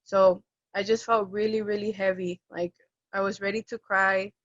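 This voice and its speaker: A woman's voice: mid-range voice, moderate pace, dry recording. A young woman who works as an end-of-life caregiver tells a personal story, acting out the voices of the people in it. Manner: animated, acts out quoted voices. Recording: dull, dry lo-fi recording.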